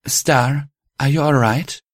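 A man voicing a gentle, caring green mare who speaks with quiet concern. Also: mid-range voice, fairly even intonation, slow pace, dry recording, studio quality, voice pushed up.

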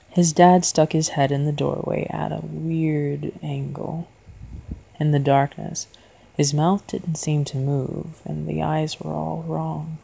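Brief: woman storyteller, slow and deliberate, low voice with a gravelly rasp. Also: level tone, low-quality recording. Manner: quiet and deliberate. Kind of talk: horror story narration.

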